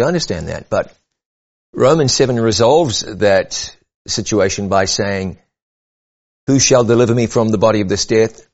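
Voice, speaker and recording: A man preaching a sermon, earnest and measured, rising and falling for emphasis. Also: on the low side, a little mellow, highs cut off.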